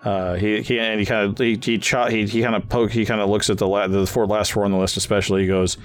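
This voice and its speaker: Low-voiced man running a tabletop game. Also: level tone, fast talker, few pauses, faint music behind. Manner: rambling, many fillers and restarts. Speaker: game master.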